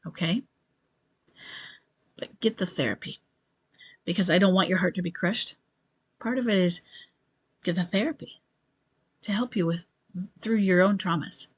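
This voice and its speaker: A woman who coaches couples talks to camera through a listener's question about rebuilding a marriage. Her fairly low voice has a breathy edge; she is earnest and reassuring, often checks in with "okay?", and thinks aloud with restarts.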